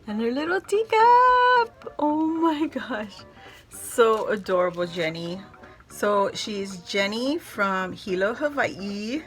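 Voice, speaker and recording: A woman, middle-aged, chatting casually to camera as a craft vlogger, gushing and excitable as she shows off things. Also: mid-range voice. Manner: gushing, excitable, squeals with delight. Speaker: craft vlogger unboxing happy mail.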